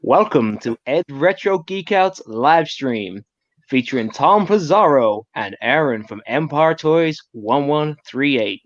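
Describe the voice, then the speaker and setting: Guy doing a drawn-out fake american announcer voice, lo-fi call sound. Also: a little high, expressive. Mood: mock-formal. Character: man putting on an American announcer voice.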